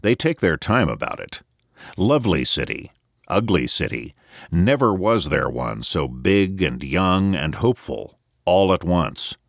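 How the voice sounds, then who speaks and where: A man reading a novel aloud as an audiobook narrator, in a measured, expressive storytelling manner. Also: sits low, vocal fry, dry recording, clean studio sound.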